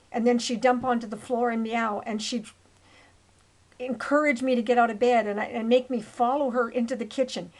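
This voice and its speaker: A woman's voice: a little high, poor audio. Earnest, rambling woman in her seventies. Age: 70s. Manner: earnest and rambling, with restarts and asides. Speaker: narrator of her own life story. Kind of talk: personal storytelling over old photos.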